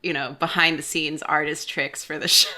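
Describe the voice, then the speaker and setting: A woman's voice: sits low, flat delivery, normal speed, bright, forceful tone. A woman guest chatting on a comedy drawing show, amused and laughing often. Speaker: guest artist. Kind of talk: casual chat.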